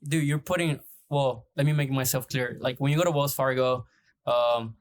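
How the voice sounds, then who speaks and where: A man's voice: medium pitch, fairly even intonation, moderate pace. A man chatting as a podcast guest, rambling with lots of filler words and cursing freely. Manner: rambling, heavy on "like" and "dude", swears freely. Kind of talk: casual chat.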